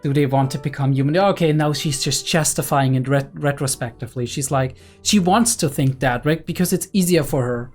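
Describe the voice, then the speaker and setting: A young man giving casual anime reaction commentary, excited and analytical, often checking in with "right?" and filler "like". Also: mid-range voice, brisk, few pauses, faint music behind. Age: young adult.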